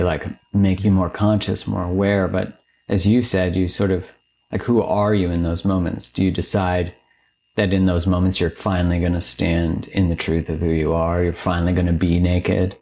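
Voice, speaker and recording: A male podcast host reflecting in a casual, thoughtful and gentle way. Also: low-pitched, creaky.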